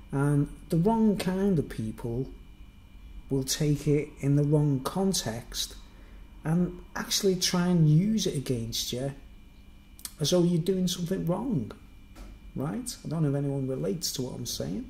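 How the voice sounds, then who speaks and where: A man's voice: fairly high pitch, animated, unhurried, gravelly, mellow, poor audio. A middle-aged man from Merseyside with a toned-down local accent, rambling and self-mocking as he talks to a live stream. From Merseyside, England. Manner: rambling, self-mocking, chatty with many fillers. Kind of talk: casual live-stream monologue.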